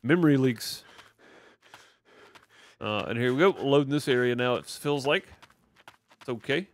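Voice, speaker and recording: With a medium-pitched voice and an unhurried pace, a Mississippi-accented gaming streamer gives casual live commentary. He responds to his chat and rambles, peppering his talk with fillers.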